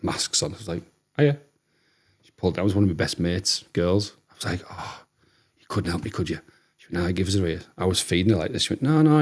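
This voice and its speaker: A man in his thirties with a Teesside accent, telling lively stories as a podcast guest and acting out what people said. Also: sits low, breathy edge. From Teesside, England. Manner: chatty, animated storyteller who acts out quotes. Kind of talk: casual storytelling chat.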